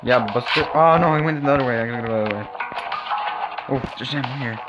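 A man giving casual, excitable commentary over his own gameplay, reacting loudly to what happens. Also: medium pitch, quick pace, dull audio, loud music behind the voice.

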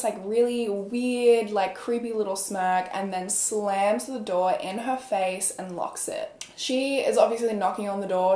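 A young woman recounting a true crime case in loose, conversational speech, leaning on fillers as she goes. Her voice sits at an ordinary middle pitch. The room around her adds a noticeable echo. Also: a little mellow. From Australia. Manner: chatty, filler-heavy, conversational. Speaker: true crime podcast host. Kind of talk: casual true crime storytelling. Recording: echoey room.

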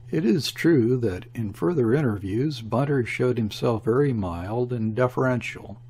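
Man, audiobook narration, husky tone, medium pitch, measured delivery. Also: darkish tone.

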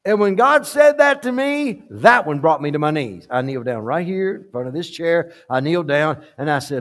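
A male pastor preaching a sermon in a church sanctuary, emphatic and repetitive, swinging from quiet, low asides to loud climaxes. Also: lively intonation, moderate pace, few pauses.

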